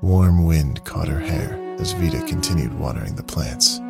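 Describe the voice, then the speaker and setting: A man narrating a story in a steady, dramatic reading with a husky, creaky voice. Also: a bass voice, normal speed, few pauses. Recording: dry close mic, faint music.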